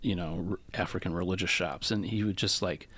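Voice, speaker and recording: A man's voice: sits low, steady tone, brisk, fairly bright tone. A man telling a story in casual podcast chat as a guest, rambling with lots of fillers and frequent laughs. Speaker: guest percussionist.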